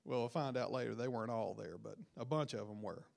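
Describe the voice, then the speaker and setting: A man preaching a sermon, retelling a Bible story with rising emphasis and quiet, dropped line endings. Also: mid-range voice, vocal fry.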